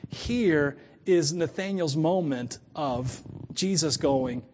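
A middle-aged man preaching a sermon to his church in a chatty, animated way, laughing often and acting out quoted voices. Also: a little high, moderate pace, a little hiss or hum. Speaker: pastor.

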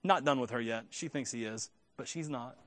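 A man preaching a sermon to his congregation, animated and full of joking asides. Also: mid-range voice, normal speed. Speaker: pastor.

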